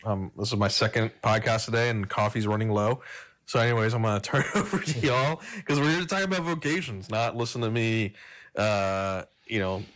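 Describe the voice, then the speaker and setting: A man's voice: on the low side, a little fast, fairly bright tone. A young man, a seminarian hosting a casual podcast and cracking self-deprecating jokes. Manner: joking, self-deprecating, loose.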